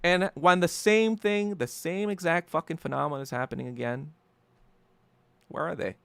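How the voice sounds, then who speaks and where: A man's voice: on the high side, moderate pace, creaky, fairly bright tone, clean tone, no echo. A man hosting a solo podcast, ranting heatedly and profanely, often stumbling and repeating words as he gets worked up. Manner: repeats and restarts words when agitated. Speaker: podcast host.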